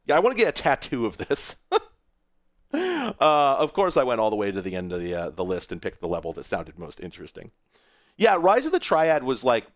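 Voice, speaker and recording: A man streaming live, rambling and sarcastic, who swears and laughs at his own troubles. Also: medium pitch. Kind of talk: casual livestream commentary.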